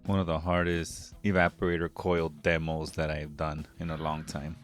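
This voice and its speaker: A man's voice: very deep voice, monotone, moderate pace. A man, an HVAC technician, explaining his work plainly in a voice-over. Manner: plain, matter-of-fact explaining. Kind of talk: voice-over narration of a job.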